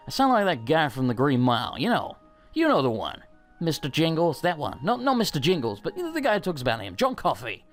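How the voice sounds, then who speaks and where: A young man chats casually at his home mic, his pitch swinging widely as he jokes and swears through viewer questions. His delivery is loose and self-mocking. Faint game music plays underneath. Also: big pitch swings, brisk. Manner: loose, profane and self-mocking, reading out questions then rambling answers. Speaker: channel host answering viewer questions. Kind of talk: casual Q&A with gameplay in background.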